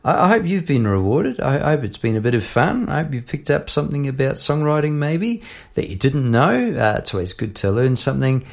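A middle-aged man with a New Zealand accent hosts a songwriting podcast, talking in a relaxed, rambling way and restarting often. His gravelly, mid-range voice moves along fairly quickly.

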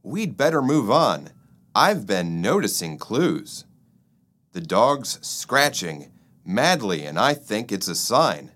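A man's voice: fairly low pitch, very animated, slow, a bit bright, heavily acted. A man voicing Ed, an earnest male flea anxious to get his neighbour to flee the dog. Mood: worried. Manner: anxious, pleading.

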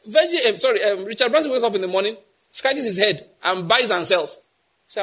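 Husky high-voiced Nigerian preacher. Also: male voice, animated, a little fast, a bit bright. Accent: Nigerian English. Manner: emphatic, quizzes the congregation with repeated questions. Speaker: pastor. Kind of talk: sermon.

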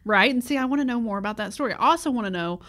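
A woman's voice: a little high, animated, very fast, fairly bright tone. A woman co-hosting a casual podcast, chatting and recapping a movie with frequent laughter and playful asides. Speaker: podcast co-host.

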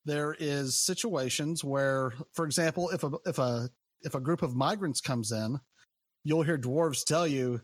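Relaxed man, dry close sound. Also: on the high side, a little slow, slightly rough, no room sound. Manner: relaxed, rambling, trailing off. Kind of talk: casual chat.

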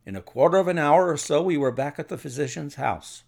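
A male audiobook narrator with a slightly gravelly voice. His reading is measured yet expressive, with plenty of movement in pitch, and it sits a touch higher than most men. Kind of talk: scripted narration.

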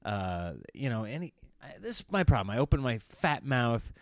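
A man from Nebraska talks through a casual podcast monologue at a middle pitch, rambling from one story to the next. He acts out other people's lines as he goes. The recording is close and dry, with no room sound. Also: normal speed, no room sound. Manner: rambling, animated storytelling with acted-out quotes. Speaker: comedian and podcast host.

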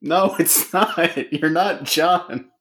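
A man hosts a casual comedic podcast, joking around and putting on a sportscaster-style intro voice. His voice is on the high side and fairly bright, with drawn-out words. It's a remote call recording.

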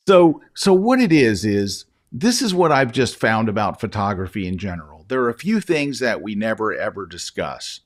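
A man's voice: lowish voice, very animated, moderate pace, few pauses. A man who is a guest photography educator, telling an anecdote in a casual interview and often addressing the host by name.

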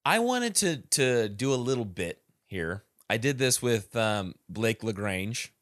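A man's voice: medium pitch, sing-song, slow pace, fairly bright tone, no echo, clean studio sound. A man co-hosting a podcast over a call, chatting enthusiastically and rambling with restarts. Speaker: podcast co-host. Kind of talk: casual chat on a call.

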